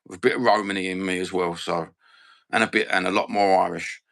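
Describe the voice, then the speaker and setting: A man's voice: sits low, fairly even intonation, brisk, vocal fry, fairly bright tone. A man with a Cockney accent hosting a casual fan livestream, blunt, sweary and rambling. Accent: London Cockney. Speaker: fan channel host.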